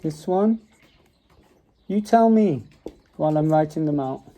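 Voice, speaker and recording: A man's voice: fairly high pitch, animated, unhurried, dark tone, rough recording. A man with a Staffordshire Midlands accent teaching English phonics at home, patiently drawing out and repeating vowel sounds, recorded on a mobile phone propped on a dining table. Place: home dining room with children present.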